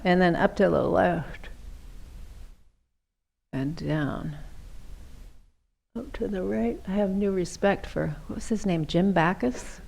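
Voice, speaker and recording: A middle-aged woman leading a seated yoga class, giving gentle, chatty cues and often checking in with "right?". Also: lowish voice, slow pace, gravelly, long pauses. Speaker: chair yoga instructor.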